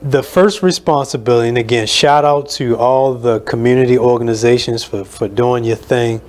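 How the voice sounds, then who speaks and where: A man hosting a radio talk show, speaking in an earnest, measured way with many fillers. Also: mid-range voice, steady tone, darkish tone.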